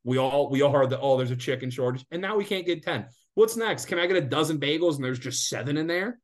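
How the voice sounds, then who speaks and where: A man's voice: on the high side, animated, fast talker. Profane ranting podcast man. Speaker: podcast co-host. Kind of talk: casual sports betting podcast chat.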